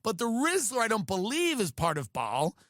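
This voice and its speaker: A man's voice: sits high, wildly swooping pitch, moderate pace, fairly bright tone, no echo, studio quality. A man hosting a podcast, delivering a comedic monologue in a sardonic, ranting way with mocking asides. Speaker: podcast host.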